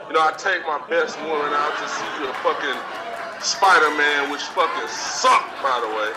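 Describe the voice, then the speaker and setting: A man's voice: on the high side, normal speed, natural voice. A man playing a foul-mouthed swaggering show star. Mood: swaggering rant. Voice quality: profane, swaggering delivery. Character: brash cocky male talk-show star, foul-mouthed braggart. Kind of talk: live comedic stage rant. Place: theater stage. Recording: distant live recording with crowd noise.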